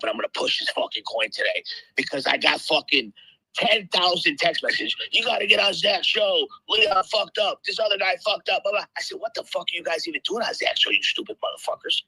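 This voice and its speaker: Loud cussing crypto guy, half asleep, super bright dry voice. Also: fairly high pitch, breathy edge, no echo, rough recording. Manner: brash, swearing constantly, boastful. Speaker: crypto project promoter. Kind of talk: loud profane hype on a live audio room.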